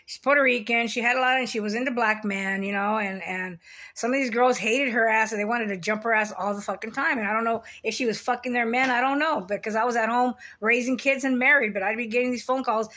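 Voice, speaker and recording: Blunt, foul-mouthed woman with a bright voice. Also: on the high side, fairly even intonation, fast. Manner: blunt, heavy swearing, rambling with restarts. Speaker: vlogger. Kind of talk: casual confessional monologue.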